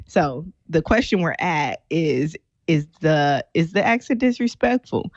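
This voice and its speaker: A woman co-hosting a talk show, recapping a story in an animated, chatty way. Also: low voice, measured pace, dry recording, highs cut off. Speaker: co-host. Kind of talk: casual chat.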